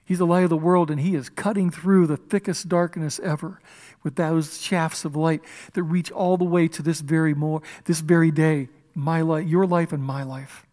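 A man delivers a sermon in church with a voice pitched a little above most men's. His delivery is impassioned, rising to loud emphasis and then dropping to hushed, breathy asides. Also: fairly even intonation, normal speed. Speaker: pastor.

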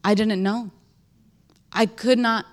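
A young woman shares her testimony in an emotional, animated way, leaning on emphatic repetition as she tells her story. Her voice sits a little high for a woman. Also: slow. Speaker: speaker sharing a testimony. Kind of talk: testimony in church.

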